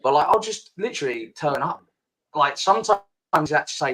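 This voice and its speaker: A man's voice: on the high side, animated, a little fast, fairly bright tone, poor audio. A man hosting a podcast as a casual chat, talking freely and swearing a lot. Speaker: podcast host. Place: home, sitting with laptop.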